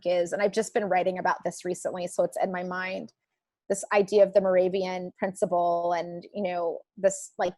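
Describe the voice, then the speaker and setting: A woman's voice: on the low side, dry recording. A woman guest in an interview, a writer and book editor, speaking in a reflective, conversational way with frequent "like" and "you know".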